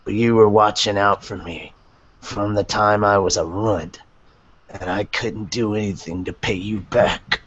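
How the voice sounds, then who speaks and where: A man voicing a brash young thug in a live fan reading, rough-spoken and defiant. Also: fairly low pitch, steady tone, unhurried, a bit bright, pitched below the performer's own voice. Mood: somber. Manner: rough, defiant, then somber. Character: gruff brash young male dragon-slaying thug. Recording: dull dry podcast audio.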